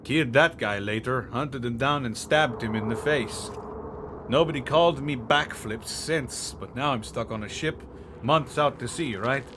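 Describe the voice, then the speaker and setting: Guy reading out a weird rambly thief dude from a game, flat matter-of-fact telling, hissy noisy recording. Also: medium pitch, unhurried, lightly acted. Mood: rambling. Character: rambling oddball male rogue, thief and songwriter. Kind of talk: reading game dialogue aloud. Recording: noisy background hiss.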